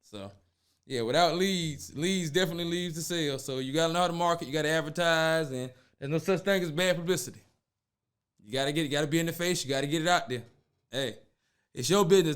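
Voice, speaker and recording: A man's voice: on the high side, quick pace, a bit bright, clean tone. A man hosting a casual podcast, telling stories animatedly, acting out voices and laughing often. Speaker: podcast host.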